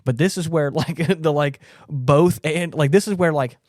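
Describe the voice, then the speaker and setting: A young man co-hosting a podcast, talking casually about a film in a rambling, animated way and acting out the characters' lines in high voices. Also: normal speed, no room sound, clean studio sound. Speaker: podcast co-host.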